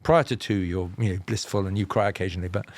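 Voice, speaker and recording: A man from England with a southern, BBC-style received pronunciation accent, telling personal stories as a podcast guest in a measured, explanatory way with self-deprecating humour. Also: low voice, steady tone. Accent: Southern English, BBC-style received pronunciation. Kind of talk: reflective personal storytelling.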